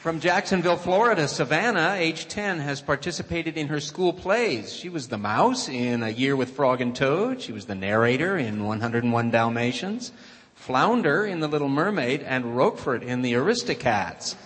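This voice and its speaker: A man's voice: on the high side, lively intonation, moderate pace, a bit bright. A man reading award citations aloud at a ceremony in a large hall. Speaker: award announcer. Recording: reverberant hall sound.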